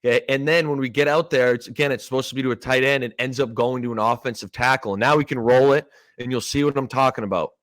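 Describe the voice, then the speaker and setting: Man, thirties, from canada, podcast host, animated storyteller, casual swearing, mid-pitched voice. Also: fast, few pauses. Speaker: podcast host, former player. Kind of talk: casual sports podcast chat.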